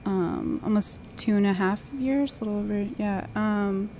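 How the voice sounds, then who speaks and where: A woman who works at the cafe, describing her workday in a friendly, measured way with many fillers. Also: mid-range voice, warm tone, slight background noise. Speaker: cafe worker. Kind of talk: casual chat.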